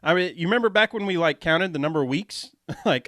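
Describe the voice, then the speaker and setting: A man's voice: on the high side, animated, brisk, pushed and bright, dry recording. A man hosting a podcast, telling stories in a laid-back way with lots of fillers. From Atlanta area, US. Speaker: podcast host. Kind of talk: casual podcast chat. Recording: dry close mic.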